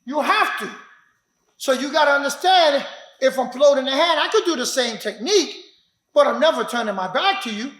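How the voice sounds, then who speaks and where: A man teaching self-defense in a training room, talking emphatically and now and then shouting as he acts out street confrontations. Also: extremely high pitch, animated, normal speed. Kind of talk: animated teaching demonstration. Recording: roomy echo.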